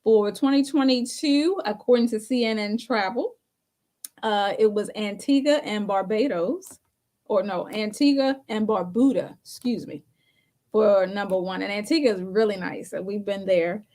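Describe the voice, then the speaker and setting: A woman's voice: mid-range voice, moderate pace, a little mellow. Chatty laughing woman co-host. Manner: chatty, laughs often between phrases. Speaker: talk show co-host. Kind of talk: casual storytelling chat.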